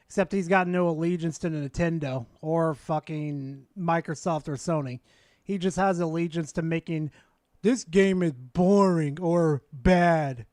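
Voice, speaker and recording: A man's voice: a little high, dry recording, clean studio sound. A man streaming, ranting back at a video with sarcastic, profane mockery. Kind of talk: casual live-stream rant.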